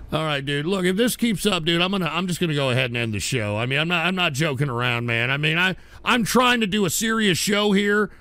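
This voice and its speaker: A man hosting a livestream talk show, scolding his audience in an exasperated rant that keeps breaking into shouts. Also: on the high side, fast, hardly any pauses, dry recording.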